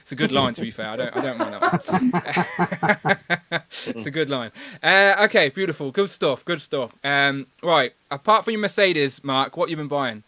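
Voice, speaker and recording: A bright, forward English man with a fairly high speaking voice hosts a livestream, joking and bantering through viewer comments. The sound is dry and close, with no room around it. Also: big pitch swings, dry recording. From England. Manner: chatty, jokey, quick banter. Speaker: livestream host. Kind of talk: casual chat, reading out viewer comments.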